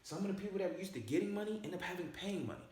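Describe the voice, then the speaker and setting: A man's voice: high voice, expressive, very fast, a little mellow. A man presenting a casual money-saving explainer, stressing each point and checking in with "all right?" and "okay?". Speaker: personal finance presenter. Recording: very echoey room.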